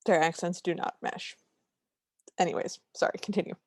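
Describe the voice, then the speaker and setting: A woman's voice: lowish voice, fairly even intonation, normal speed, a little mellow, no room sound, clean studio sound. A woman co-hosting a podcast, giving wry, sardonic asides in casual film recap chat. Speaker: podcast co-host.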